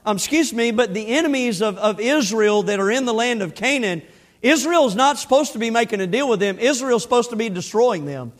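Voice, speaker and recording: A man's voice: very high voice, animated, fairly quick. A man preaching a sermon to his congregation in a conversational way, often repeating and restarting his words. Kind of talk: sermon with storytelling.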